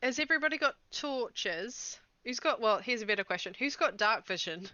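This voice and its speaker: A woman's voice: on the high side, lively intonation, normal speed, bright, forceful tone, no room sound, muffled recording. A woman playing a tabletop role-playing game, chatting casually and laughing easily. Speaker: player.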